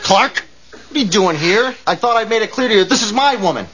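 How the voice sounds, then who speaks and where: A man's voice: high-pitched, animated, brisk. A man doing an indignant, possessive uncle. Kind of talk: comic sketch acting. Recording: muffled, with loud hiss and audience noise.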